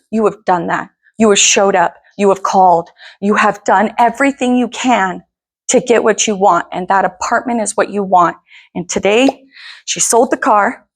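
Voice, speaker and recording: A middle-aged woman with a slightly high voice tells a family story in a casual, earnest way. She is animated and encouraging, and she acts out each person's lines as she goes. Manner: earnest, encouraging, animated retelling with quoted dialogue. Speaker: mother telling a family story.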